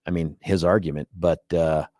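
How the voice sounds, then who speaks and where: A middle-aged man hosting a radio talk show in a studio, bantering casually, joking and laughing often while telling animated stories. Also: deep voice, moderate pace, no echo. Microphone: studio microphone.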